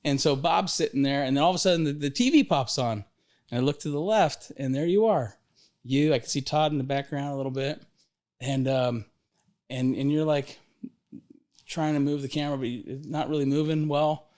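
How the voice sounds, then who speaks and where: A middle-aged man hosting a podcast, telling stories in a lively, rambling way, often restarting his sentences. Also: fairly high pitch, moderate pace. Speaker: podcast host, financial advisor. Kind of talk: casual storytelling conversation.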